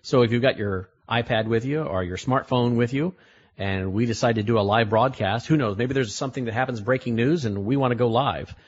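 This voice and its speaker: A man's voice: mid-range voice, fairly quick, husky. A male radio host chatting casually, rambling and restarting as he stumbles over a guest's name. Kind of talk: casual talk radio chat. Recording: dull lo-fi broadcast audio.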